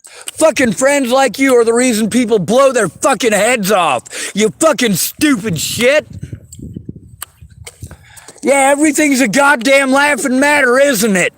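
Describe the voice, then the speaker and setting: A man venting in an angry, profane rant, often shouting and swearing hard. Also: very high voice, measured pace. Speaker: vlogger.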